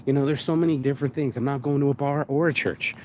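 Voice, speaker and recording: Talking fast in a medium-pitched, slightly mellow voice with fairly even intonation, a man films his own video while walking a street in the rain. Shaken from crying, he rambles through a raw, profane, emotional monologue over slight background noise.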